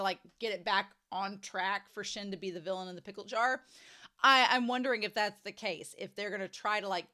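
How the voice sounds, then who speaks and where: A young woman giving casual reaction commentary on a story, chatty and animated, often acting out the characters' lines. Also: mid-range voice. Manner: chatty, animated, lots of "like", acts out quoted lines.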